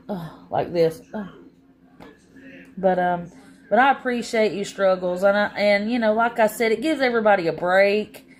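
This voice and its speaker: A woman's voice: medium pitch, a little mellow. A woman, chatting casually and rambling with her live-stream viewers from home, worn out after a long day. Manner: rambling, drawn-out, tired.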